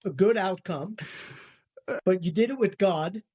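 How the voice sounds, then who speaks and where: A man's voice: high-pitched, unhurried, darkish tone. A man co-hosting a casual faith podcast, who sums things up in an easygoing, wry way. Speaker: podcast co-host.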